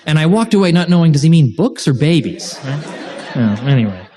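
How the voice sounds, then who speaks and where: A male lecturer talks a class through an outline in a lively, informal way. His voice sits at an ordinary middle pitch, and he breaks off with asides and quick restarts. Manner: animated, joking asides, frequent restarts. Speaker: host and lecturer. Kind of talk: informal university-style lecture. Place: lecture room with a live class.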